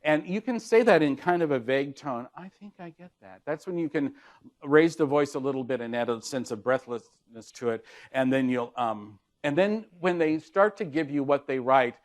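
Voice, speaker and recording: A man's voice: mid-range voice, normal speed. Guy in his 60s doing a keynote, dry funny stories, acts out both sides of conversations. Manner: storytelling with dry humor, acting out dialogue. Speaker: keynote speaker on leadership communication. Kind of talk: anecdotal keynote talk.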